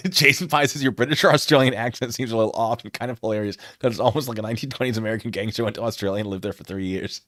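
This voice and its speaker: A man's voice: mid-range voice, very fast, hardly any pauses, a bit bright, dry recording, clean studio sound. A man hosting a casual livestream, reacting with sarcastic commentary and frequent laughter. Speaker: streamer.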